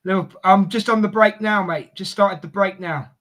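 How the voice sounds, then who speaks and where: A man's voice: high voice, moderate pace, a bit bright. A man with a London accent co-hosting a live football watchalong, chatting casually and reading out viewer messages. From Scotland.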